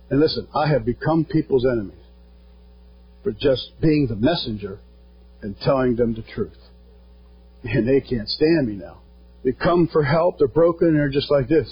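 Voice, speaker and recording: A pastor preaching a sermon, earnest and plain-spoken, quoting scripture along the way. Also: male voice, mid-range voice, moderate pace, husky. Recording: dull lo-fi sound.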